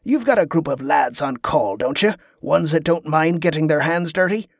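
A man's voice: a little high, expressive, moderate pace, creaky, dry recording, studio quality. A man playing a blunt, bullying male ringleader who growls orders with scorn. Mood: gruff commanding. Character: gruff bullying male schemer, a leader.

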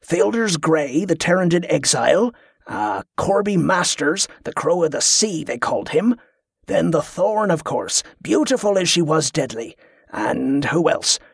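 A man voicing a gruff, boastful male ship's cook who gets impatient when interrupted. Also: fairly high pitch, expressive, a little slow, no room sound, studio quality, full character voice.

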